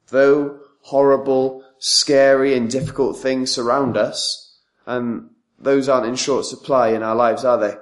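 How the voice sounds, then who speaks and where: A man preaching a sermon in a measured way, leaning on tag questions and pausing with frequent ums. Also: medium pitch.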